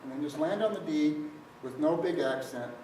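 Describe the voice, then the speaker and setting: A man's voice: on the high side, normal speed, warm tone, soft background music. A man teaching trombone, explaining articulation step by step in a methodical way. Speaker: trombone instructor. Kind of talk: music lesson demonstration. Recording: very echoey room, mic at a distance. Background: trombone playing.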